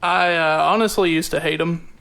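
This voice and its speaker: A man's voice: on the high side, steady tone, normal speed, vocal fry, fairly bright tone, clean tone. A man guesting on a casual movie podcast, talking hesitantly with many fillers. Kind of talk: casual chat.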